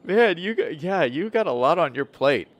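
A man's voice: fairly high pitch, lively intonation, moderate pace. A man streaming a city-building game, chatting casually and thinking aloud as he plans, often correcting himself mid-sentence. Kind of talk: casual gameplay commentary.

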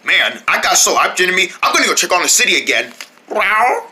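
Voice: medium pitch, very animated, fairly quick, pushed and bright, a little hiss or hum. A performer voicing a chatty, rambling heroic squirrel who acts as a big brother in a hobby toy-play story. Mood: playful.

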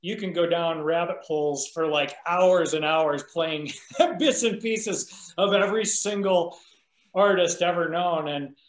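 Relaxed musician guy on a podcast, higher voice, roomy echo around him, laughs a lot. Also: measured pace. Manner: laid-back, laughs often. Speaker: musician guest. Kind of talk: casual interview chat. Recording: roomy echoey sound.

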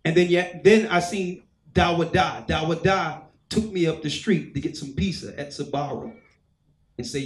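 High-voiced man preaching in an echoey hall. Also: moderate pace. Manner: storytelling, acts out quoted voices. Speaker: church elder preaching. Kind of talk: sermon testimony.

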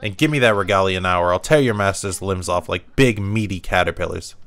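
A man's voice: low voice, fairly quick, a bit bright. A man reading the lines of a haughty young female idol princess rival in a boastful, threatening way.

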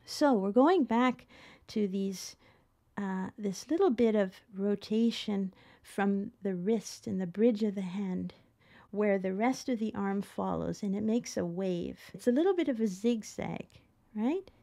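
A middle-aged woman teaching piano in a chatty, expressive way, often laughing as she explains. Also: medium pitch, measured pace, vocal fry. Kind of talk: casual spoken tutorial.

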